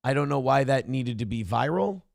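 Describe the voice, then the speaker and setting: A man's voice: medium pitch, animated, moderate pace, creaky, dry recording, clean studio sound. A man hosting a live-stream talk show, ranting in a profane, exasperated, rambling way.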